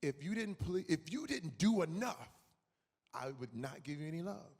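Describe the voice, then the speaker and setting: A man in his forties speaking as a guest in an on-stage conference conversation, emphatic and animated. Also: on the high side, normal speed, breathy edge. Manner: animated, acts out quoted voices, emphatic. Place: conference hall. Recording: reverberant hall.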